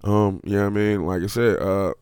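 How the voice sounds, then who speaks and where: A man hosting a podcast, delivering a heated, profane rant that swings from low mutters to high-pitched outbursts. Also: steady tone, a little fast, darkish tone, clear, resonant tone, no echo, clean studio sound. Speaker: podcast host. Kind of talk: profane ranting monologue.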